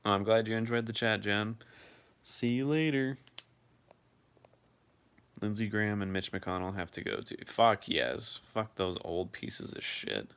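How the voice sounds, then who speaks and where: A man's voice: lowish voice, unhurried, long pauses, fairly bright tone, clear, resonant tone. A man hosting a casual live chat, reading viewer comments aloud and answering them in a loose, freely swearing way.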